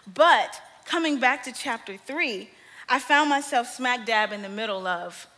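A young woman preaching a sermon, telling stories with animated energy and frequent laughter. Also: fairly high pitch, unhurried. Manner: animated storytelling, laughs often. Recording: long reverb of a large hall.

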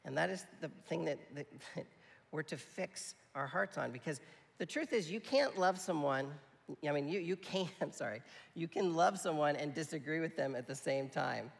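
A man's voice: a little high, normal speed, creaky. A man preaching a sermon in a conversational, emphatic way, often checking in with his listeners. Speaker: pastor. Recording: long hall reverb.

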